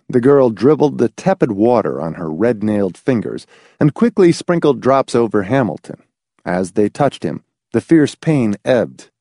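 Man, audiobook narrator, expressive storytelling, animated pitch, dry close sound. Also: dry recording.

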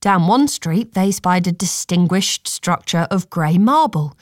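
A woman narrating a storybook in a calm, measured reading voice. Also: on the low side, no room sound, studio quality.

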